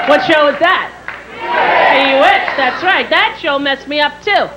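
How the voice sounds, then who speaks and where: A woman in her thirties, a stand-up comedian telling quick, animated stories with jingles and shrill impressions on a theater stage. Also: a loud crowd. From New York area. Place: theater stage before a live audience. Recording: live stage mic with loud audience and hall noise.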